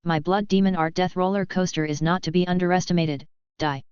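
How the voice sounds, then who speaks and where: A woman voicing a gleeful, boastful demon fused with a roller coaster, in a storybook reading with a flat, synthetic delivery. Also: fairly low pitch, fairly quick, smooth, no echo, dull audio, natural voice. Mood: gloating. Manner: cackling and boastful.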